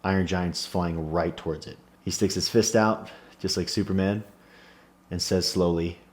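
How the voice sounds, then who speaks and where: Deep-voiced man telling an earnest story. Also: darkish tone. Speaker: small business owner. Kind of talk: personal vlog monologue.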